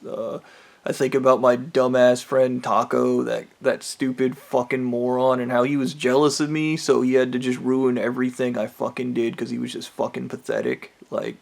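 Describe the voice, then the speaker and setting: A man at a middle pitch talks in a rough, gravelly voice. He rambles through a bitter personal monologue, profane and scornful. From United States. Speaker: vlogger. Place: trailer park home.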